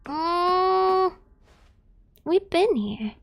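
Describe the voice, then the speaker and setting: A giggly young American woman with a high voice, chatting away on her live stream. She talks casually and laughs often between remarks. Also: lively intonation, drawn-out words, gravelly, a bit bright.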